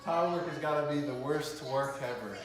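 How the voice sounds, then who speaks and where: Jokey husband chatting mid-renovation, mic far off in an echoey room. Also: male voice, medium pitch, brisk. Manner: teasing, jokey. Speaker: co-host, husband doing home renovation. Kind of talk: casual chat while working. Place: home under renovation, indoors. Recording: echoey room from a distance with music.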